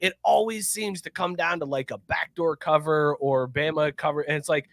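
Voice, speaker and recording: High-voiced man co-hosting a podcast. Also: vocal fry, no room sound. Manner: profane, animated, explains with quick asides. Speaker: podcast co-host. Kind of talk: casual podcast banter.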